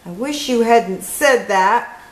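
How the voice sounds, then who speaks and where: A woman voicing a young schoolgirl in a storybook reading, with a high, exclaiming voice. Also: takes it slowly, roomy sound. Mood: excited. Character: young schoolgirl, fearful then stubborn.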